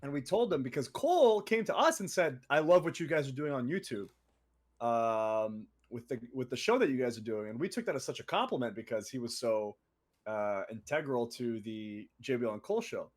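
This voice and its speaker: A young man co-hosting a casual podcast, telling stories in an animated way with laughs and quoted voices. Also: mid-range voice, fairly quick. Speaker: co-host.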